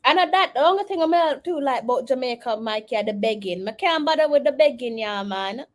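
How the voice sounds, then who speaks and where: A woman's voice: high-pitched, expressive, brisk. A woman with a British accent hosting a casual chat, laughing often and slipping into patois. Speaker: host.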